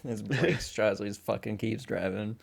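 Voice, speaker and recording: A man's voice: lowish voice, unhurried, creaky. A man co-hosting a film podcast, chatting casually and animatedly, acting out quoted lines and swearing often. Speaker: podcast co-host.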